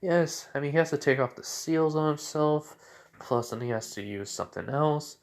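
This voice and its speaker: A man voicing a proud, relaxed adult ninja father in a fan-made story retelling, in nearly his own voice. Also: fairly high pitch, normal speed, voice pushed up, natural voice. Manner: relaxed, boastful, plain retelling.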